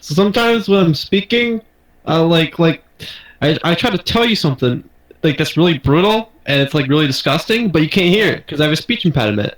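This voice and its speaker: A young man pitches himself in a joking improv game with flat, repetitive rambling. His voice is a touch high, and the room adds a noticeable echo. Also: brisk. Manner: deadpan, rambling, repeats himself. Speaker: player in an improv party game.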